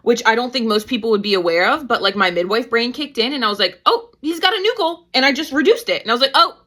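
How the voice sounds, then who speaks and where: A woman in her thirties, a midwife guest telling her story in a casual, animated way and acting out her own past lines. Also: very fast. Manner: animated, quotes herself with pitch jumps. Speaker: guest, certified nurse-midwife and mother.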